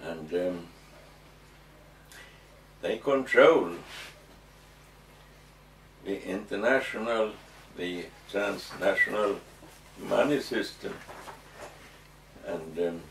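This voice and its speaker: A man answering interview questions slowly and hesitantly, with frequent ums and restarts. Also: sits low, creaky. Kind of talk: halting explanatory interview answers. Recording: echoey room, distant mic, faint noise.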